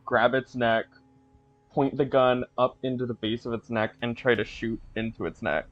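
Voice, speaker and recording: A player in a tabletop game, reacting in halting, flustered bursts. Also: mid-range voice, little pitch movement, no echo, lo-fi sound. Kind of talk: playing a character in a tabletop game.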